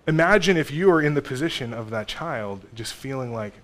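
A pastor in his thirties giving a conversational sermon, with sudden swings between loud emphasis and soft asides. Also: mid-range voice, lively intonation, brisk, few pauses.

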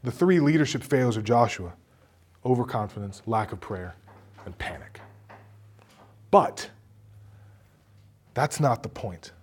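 A male pastor preaching a sermon, his voice dropping low and quiet and then rising into loud, emphatic bursts. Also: animated, takes it slowly, long pauses, slightly rough.

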